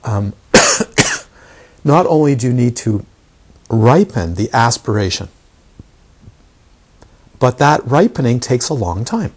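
Husky-voiced man giving a dharma talk. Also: medium pitch, big pitch swings, slow pace, pauses often. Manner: repeated rhetorical questions to listeners. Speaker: meditation teacher.

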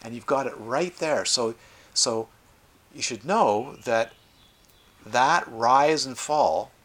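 A middle-aged man teaching meditation at a retreat, talking in an animated way with playful asides. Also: medium pitch, slow pace. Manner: animated, acts out quoted voices, lively asides. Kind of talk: dharma talk at a retreat.

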